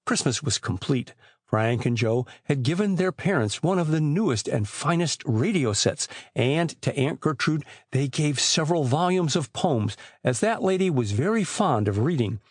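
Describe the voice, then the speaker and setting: A man narrating a classic boys' adventure audiobook in a measured, expressive storytelling voice. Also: a little high, husky, no room sound, clean studio sound. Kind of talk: scripted narration.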